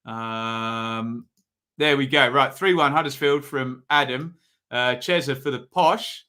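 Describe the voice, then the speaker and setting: A man's voice: mid-range voice, slow, bright, forceful tone. A man hosting a live football predictions stream, chatting casually, thinking aloud and reading out viewers' comments.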